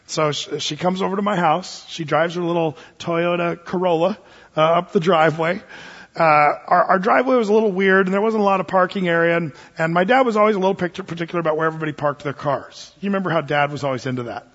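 A male pastor preaching a sermon in a relaxed, storytelling way, with frequent fillers and restarts. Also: fairly high pitch, fast talker. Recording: dull sound in a long-reverb hall.

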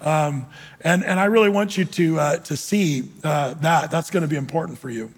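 A man preaching a sermon with a high-pitched voice, chatty and questioning, tossing questions to the congregation between ums and uhs. Long reverb trails off his words in the hall. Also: moderate pace, slightly rough. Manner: conversational, questioning the audience, frequent fillers. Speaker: pastor.

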